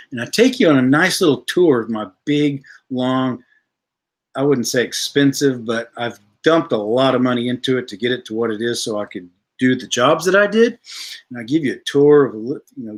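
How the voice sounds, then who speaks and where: A man's voice: mid-range voice, expressive, moderate pace. A man, hosting a livestream, ranting bluntly and profanely while reading viewer comments. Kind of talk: casual livestream rant.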